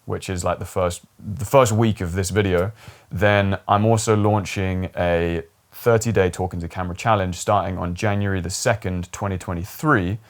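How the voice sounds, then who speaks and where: A young man talking to camera at his desk, giving relaxed, rambling advice with lots of fillers. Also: low-pitched, moderate pace. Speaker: YouTube coach on talking to camera. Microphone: camera mic, seated at desk.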